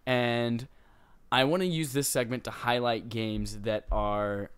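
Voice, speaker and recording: A young man co-hosting a gaming podcast, talking casually in an animated, joking and enthusiastic way. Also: mid-range voice, takes it slowly, clean tone. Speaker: podcast co-host.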